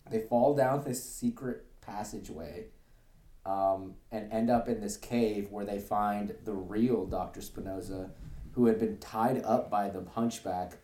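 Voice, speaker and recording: A man's voice: on the low side, warm tone, reverberant. A man co-hosting a podcast, casually recapping a cartoon episode in a rambling way, with lots of fillers and joking asides. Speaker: podcast co-host. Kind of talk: casual chat.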